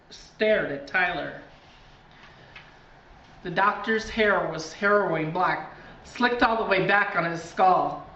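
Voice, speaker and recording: A woman reading a spooky children's storybook aloud in a deliberate, dramatic way. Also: mid-range voice, a bit bright. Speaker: reader. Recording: distant, echoey, dull, faint hiss.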